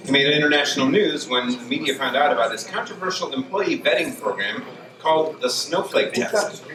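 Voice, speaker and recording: A man reading a formal introduction of a speaker at a convention. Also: medium pitch. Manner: formal, read from a script. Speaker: event introducer. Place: convention hall. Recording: distant, echoey hall with crowd. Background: crowd.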